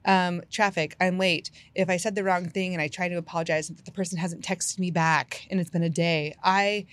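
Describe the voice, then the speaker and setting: A woman telling a personal story in a casual podcast chat, animated and full of "like" fillers, laughing often. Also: lowish voice, normal speed.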